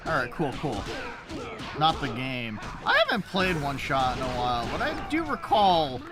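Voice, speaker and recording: Lively young man streaming games. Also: medium pitch, moderate pace, over loud music. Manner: chatty, swears often, talks to chat. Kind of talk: casual gameplay commentary.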